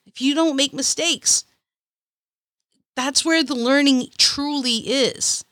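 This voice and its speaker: A woman's voice: a little high, a bit bright, no room sound, clean studio sound. Upbeat woman hosting a motivational podcast. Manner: upbeat, encouraging, chatty. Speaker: podcast host.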